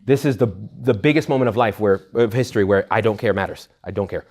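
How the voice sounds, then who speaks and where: A man, a Catholic priest, giving a retreat talk to young adults in a blunt, jokey, animated way. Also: lowish voice, fast. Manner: animated, jokey, acts out quoted voices; blunt and emphatic.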